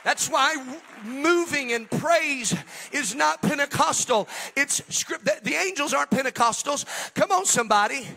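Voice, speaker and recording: A man preaching a Pentecostal sermon at a church service. He swings between quiet joking asides to the congregation and shouted, sing-song preaching. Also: very high-pitched, animated, moderate pace, vocal fry. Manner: humorous and talks directly to the congregation.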